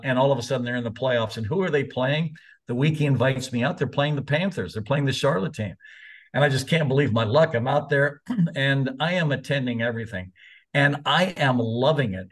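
A man in his seventies, a college soccer coach, telling stories in a casual, candid way with the odd mild curse. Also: medium pitch. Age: 70s. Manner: chatty, candid, mildly profane. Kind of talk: casual anecdotal storytelling.

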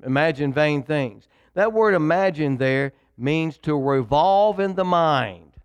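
This man's voice sits fairly high and is expressive, clear and resonant as he takes his time. He's a pastor preaching with emphasis and repetition, drawing the congregation into call-and-response and asking them to read along.

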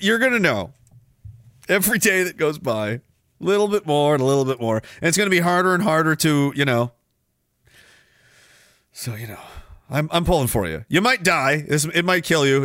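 A man's voice: on the high side, a bit bright, no echo, clean studio sound. A man hosting a live stream, ranting sarcastically in a mocking, rambling way. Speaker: streamer host.

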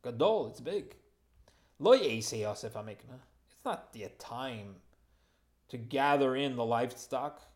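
A man's voice: mid-range voice, animated, a little slow. A man giving a verse-by-verse Torah lesson, reading Hebrew phrases and translating them with informal asides and light humor. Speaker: Torah teacher.

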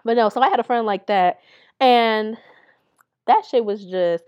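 A woman's voice: on the high side, unhurried, clear, resonant tone, highs cut off. A young adult woman hosting a podcast, telling candid stories in a blunt, profane way and laughing as she goes. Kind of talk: candid storytelling chat.

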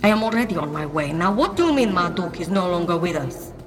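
A woman's voice: on the low side, big pitch swings, quick pace, music in the background. A woman voicing a commanding, cold professor who demands answers.

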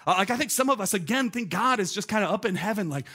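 Animated man preaching a sermon. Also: high voice, fast talker. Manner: storytelling, animated, emphatic with repeated phrases. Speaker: pastor.

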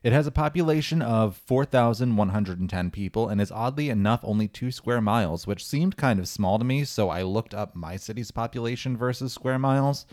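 A man's voice: mid-range voice, animated, brisk, few pauses, darkish tone. A man co-hosting a podcast, telling a story in a chatty way with joking asides. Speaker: podcast co-host. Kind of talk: casual chat and storytelling.

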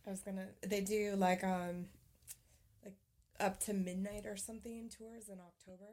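A woman's voice: mid-range voice, flat delivery, normal speed, a little mellow. A woman in casual podcast chat, chiming in with short, matter-of-fact remarks.

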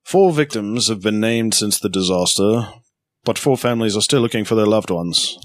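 A man's voice: lowish voice, normal speed. A man co-hosting a casual podcast, laid-back and blunt. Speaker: podcast co-host. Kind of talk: casual chat.

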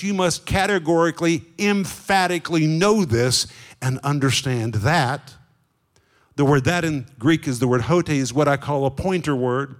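A man teaching a sermon, explaining Greek words and slowing down to stress key phrases. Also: a little high. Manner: explains Greek words and asks the audience questions. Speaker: Bible teacher.

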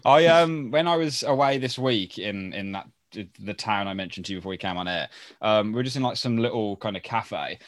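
A man with a Birmingham accent co-hosting a podcast in casual chat, full of quick asides. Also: lowish voice, dry recording. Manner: chatty, with quick asides and laughs. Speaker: podcast co-host.

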